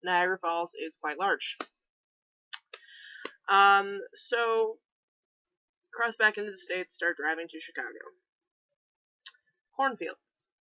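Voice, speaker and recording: A woman's voice: on the low side, bright, forceful tone, no room sound, dull audio. A young woman from New England telling a road trip story in a chatty, sarcastic vlog. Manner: chatty, sarcastic, many fillers.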